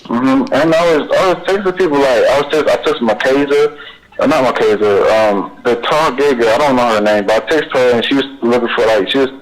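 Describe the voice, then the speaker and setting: A young man, answering questions in a recorded police interview, halting and rambling, repeating himself with many fillers. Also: medium pitch, rough recording.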